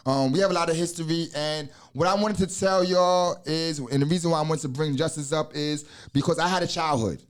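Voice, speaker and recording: He speaks fairly quickly on the high side, barely pausing at all. An American podcast host in his forties, he keeps the casual conversation loose, salted with profanity, tangents, and restarts.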